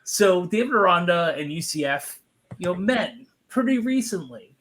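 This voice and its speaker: A man on a casual sports podcast runs a trivia bit for his co-hosts. His voice sits somewhat high, and he teases them with a dry, sarcastic wit. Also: big pitch swings, moderate pace, a bit bright. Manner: playful quizmaster, teasing and dryly sarcastic. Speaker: podcast co-host presenting a trivia segment.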